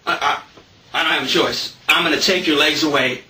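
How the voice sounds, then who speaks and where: Man quoting flustered scolding god, blustering, stammers, a bit lower, echoey room. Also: brisk, sharp tone, recorded from a distance.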